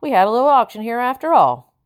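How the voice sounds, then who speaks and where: A woman's voice: on the high side, sing-song, fast talker, pitched above the performer's own voice. A woman voicing a sly, businesslike male seller who talks smugly. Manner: smug, wheedling. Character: smug slave-seller, man, sly and businesslike.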